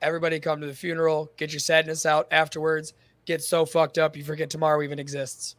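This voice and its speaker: A man's voice: a little high, completely flat delivery, quick pace, fairly bright tone, no echo. A man hosting a podcast, chatting casually with crude, joking banter. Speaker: podcast host. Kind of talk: casual chat.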